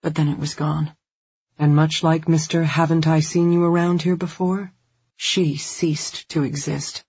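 An audiobook narrator reading a dark thriller with tense, measured storytelling. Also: mid-range voice, husky, no room sound. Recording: dull lo-fi recording.

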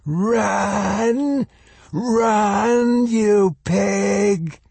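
A man's voice: sits high, drawn-out words, vocal fry, a little mellow, husky, no room sound, pitched above the performer's own voice, heavily acted. A man voicing an evil shapeshifting male demon that sings in a merry sing-song like a little boy. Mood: shrieking.

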